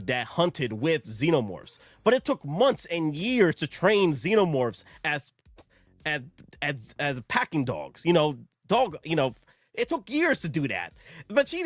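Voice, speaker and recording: A man hosting a casual livestream chat, excitable and quick to break into indignant rants. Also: high-pitched, no echo. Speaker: host.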